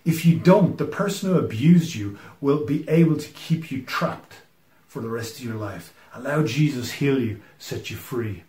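A man preaching a sermon, earnest and emphatic, often letting his sentences fall to a quiet finish. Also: medium pitch, expressive, normal speed, roomy sound. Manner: earnest and emphatic, often dropping to a hushed close. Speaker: pastor.

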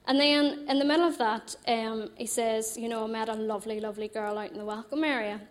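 A young Northern Irish woman telling a personal faith story in a chatty, animated way, laughing often. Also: on the high side, a little fast.

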